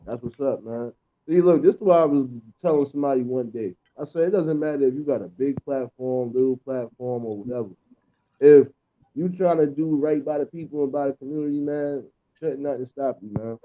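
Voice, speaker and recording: A man joining a livestream as a guest, talking in a relaxed, agreeable, reflective way. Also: mid-range voice, brisk. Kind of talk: casual livestream chat. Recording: tinny phone-line audio.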